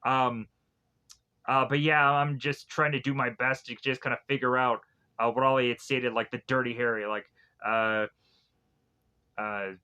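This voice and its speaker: Rambling man with a bright voice. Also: medium pitch, little pitch movement, smooth. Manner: rambling, halting, full of filler words. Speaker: film reviewer. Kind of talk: casual spoken film review.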